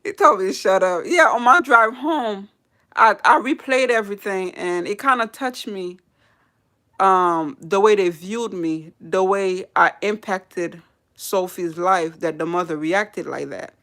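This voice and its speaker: A woman's voice: medium pitch, unhurried, a bit bright. A woman hairdresser telling a personal story in a casual, candid way to a live audience, laughing and swearing as she goes.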